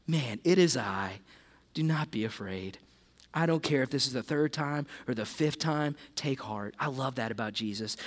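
A middle-aged male pastor preaching a sermon, animated, acting out the disciples and Jesus in quick voices. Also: fairly high pitch.

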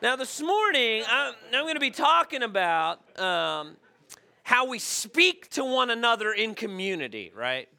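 A man's voice: very high voice, big pitch swings, unhurried, gravelly, pushed and bright. A male pastor, preaching a conversational sermon and often checking in with "okay?".

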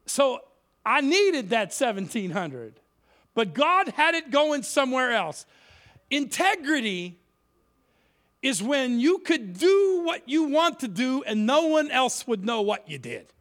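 A man's voice: extremely high pitch, sing-song, slow pace, a bit bright. A man preaching as a guest speaker in a church, telling a story in a joking, self-mocking way. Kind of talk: humorous sermon storytelling.

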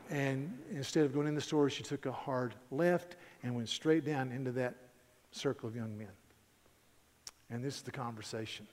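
A man preaching a sermon in a conversational, animated way, telling stories with frequent restarts. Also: mid-range voice, normal speed. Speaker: pastor. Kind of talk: sermon with storytelling. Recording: hall reverb.

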